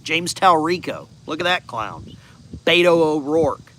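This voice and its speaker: A man in his fifties with a bright, forceful voice talks casually from his backyard, rambling from one viewer comment to the next. A faint hum of background noise sits under his voice outdoors. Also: on the high side, very animated, measured pace. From United States. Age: 50s. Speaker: channel host.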